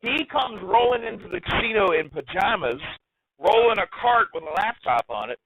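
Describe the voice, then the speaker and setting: Animated male storyteller on a muffled line. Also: high-pitched, normal speed, crowd noise. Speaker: guest. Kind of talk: casual storytelling.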